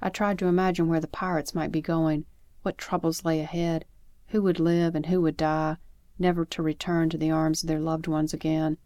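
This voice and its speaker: A woman reading a first-person story aloud in a calm, measured narration style. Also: low-pitched, no room sound, clean studio sound. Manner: calm, measured storytelling with lively acted dialogue. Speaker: audiobook narrator.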